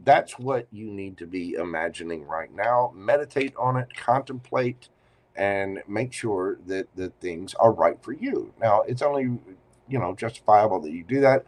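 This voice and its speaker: A man with a fairly low voice reads tarot cards on a live stream. He talks in a loose, chatty way, turning to the viewer often. His delivery is expressive and conversational. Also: normal speed. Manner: chatty, expressive, speaks straight to the listener. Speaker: tarot reader.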